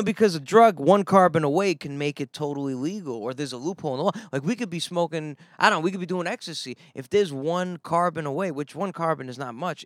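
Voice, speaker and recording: A man's voice: a little high, no room sound, studio quality. Profane joking man, Russian native speaker. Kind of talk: casual chat.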